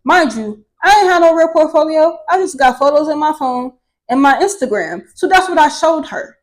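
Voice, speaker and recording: Young woman on camera, a bit high-pitched, blunt and sweary, casual storytelling. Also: rough recording. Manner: candid and profane, swears freely; animated, with laughter. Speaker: vlogger telling her life story.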